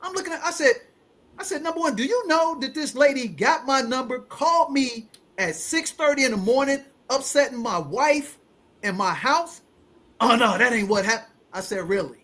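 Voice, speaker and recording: A man in his forties hosting a casual talk show, telling a story in an animated way and acting out the people in it. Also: very high voice, moderate pace. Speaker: host.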